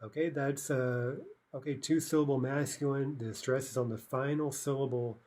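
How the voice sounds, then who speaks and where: Husky-voiced man teaching a grammar lesson. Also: mid-range voice, steady tone, moderate pace, a little mellow. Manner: explanatory, frequent "right?" and "okay" checks. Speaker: language teacher.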